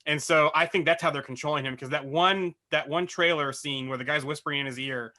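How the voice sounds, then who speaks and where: A man's voice: fairly high pitch, a little fast, sharp tone. A man co-hosting a podcast in casual chat, eagerly laying out his theories. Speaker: podcast co-host.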